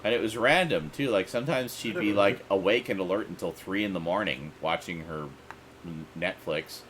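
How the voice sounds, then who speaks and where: A man hosting a casual group chat stream, animated and joking. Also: low voice, moderate pace, slight background noise. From Canada. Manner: animated, joking, lots of laughter. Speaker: stream host.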